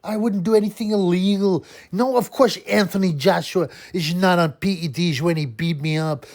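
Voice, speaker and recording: A man putting on a high, sing-song voice to mock a naive, preachy boxer. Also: moderate pace, darkish tone. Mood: mock-earnest.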